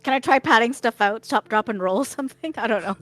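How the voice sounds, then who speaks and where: A woman playing a tabletop game, expressive and quick to laugh. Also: fairly high pitch, no room sound, soft background music. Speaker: player. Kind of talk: casual tabletop play.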